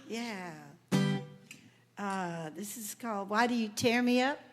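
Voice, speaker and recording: A woman's voice: mid-range voice, normal speed. A woman in her seventies, a singer and band leader, chatting and telling stories between songs on a live music stage. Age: 70s. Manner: relaxed storytelling with laughs. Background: band instruments, guitar.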